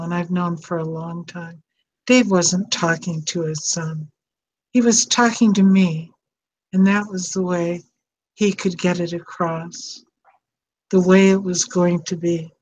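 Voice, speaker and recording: A woman's voice: mid-range voice, darkish tone, dull audio, slight background noise. An older woman hosting an advice talk, speaking in an earnest, reflective way. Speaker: host.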